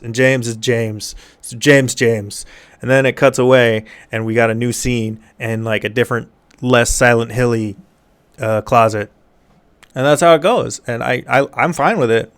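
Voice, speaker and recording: Smooth-voiced man doing a sarcastic movie recap. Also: medium pitch. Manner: dry, sarcastic summarizing with quick mock voices for characters. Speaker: movie reviewer. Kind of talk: comedic movie plot recap.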